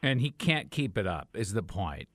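Lively teasing male radio host. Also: fairly low pitch, normal speed, no room sound, studio quality. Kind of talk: morning radio prank segment.

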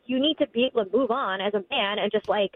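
A woman's voice: mid-range voice, quick pace, no room sound. A woman caller on a phone line to a radio show, hesitant and giggly, with lots of fillers.

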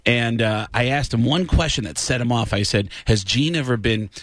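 A man from the Bronx, an impressionist, telling stories in an animated way in casual chat. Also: mid-range voice, normal speed, dry recording. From the Bronx, New York. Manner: animated storytelling, shouting quoted voices. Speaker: impressionist guest.

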